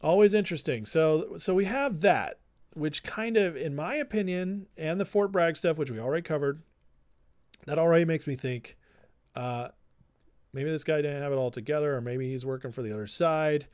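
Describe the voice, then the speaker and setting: A man's voice: fairly high pitch, moderate pace, a little mellow, clear, resonant tone, no room sound, studio quality. A man hosting a casual political livestream, talking loosely and reading viewer comments aloud. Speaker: livestream host.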